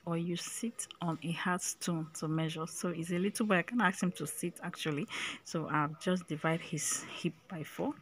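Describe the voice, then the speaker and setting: A woman's voice: fairly low pitch, a little hiss or hum. A woman giving a casual step-by-step sewing tutorial, chatty and often checking in with "okay?", her voice breaking into a whisper at times.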